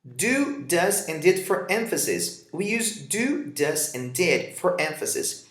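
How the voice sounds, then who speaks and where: Male English teacher, Portuguese native, lively intonation, roomy echo. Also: high-pitched, slow. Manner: reads example dialogues and explains them, switching to Portuguese for translations. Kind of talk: vocabulary lesson.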